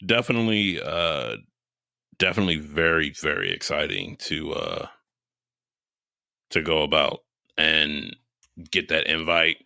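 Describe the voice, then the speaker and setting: A man's voice: extremely low pitch, very animated, measured pace, creaky, pauses often, bright, forceful tone, no room sound. A man co-hosting a podcast in casual chat, laid-back, swearing freely and laughing often, on a close dry mic. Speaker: podcast co-host.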